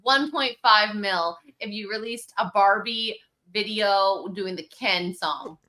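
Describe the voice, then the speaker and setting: A woman's voice: mid-range voice, takes it slowly, crowd noise. A woman co-hosting a casual livestream, playful and giggly, making joking demands. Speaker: co-host.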